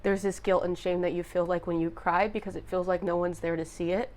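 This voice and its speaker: Soft, lower-voiced woman reading tarot. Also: level tone, brisk, hardly any pauses. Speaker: tarot reader. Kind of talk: intuitive tarot reading to viewers.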